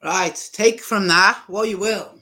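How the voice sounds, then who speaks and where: A man's voice: sits high, takes it slowly, sharp tone. A man hosting a channel, talking emphatically in a casual way and tagging his points with "right?" and "you know?". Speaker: channel host. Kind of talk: casual opinionated talk.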